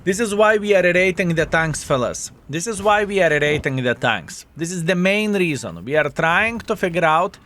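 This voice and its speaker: A man's voice: high voice, lively intonation, moderate pace, few pauses, fairly bright tone. A man streaming a tank game, commenting on the action, swearing and thanking chat viewers by name. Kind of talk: live gameplay commentary and chat reading.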